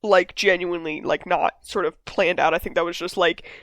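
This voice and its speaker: A woman hosting a casual discussion, talking in an animated way, swearing freely and acting out characters' lines. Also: on the low side, normal speed, no room sound. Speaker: podcast host leading a discussion. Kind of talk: casual chat.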